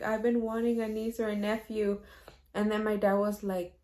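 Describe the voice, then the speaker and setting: A woman's voice: medium pitch, fairly even intonation, moderate pace, a little mellow. A young woman vlogger telling a personal story in a casual, chatty way, laughing often and slipping in Spanish phrases.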